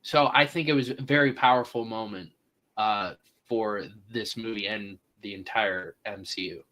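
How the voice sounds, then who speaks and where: A man co-hosting a casual movie review, explaining a scene in a thoughtful, measured way. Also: on the low side, bright, forceful tone.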